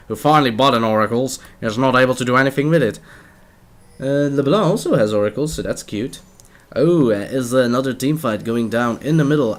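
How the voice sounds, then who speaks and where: Young male game caster, playful, jokey, mid pitch, trails off mid-sentence. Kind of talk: live esports play-by-play commentary.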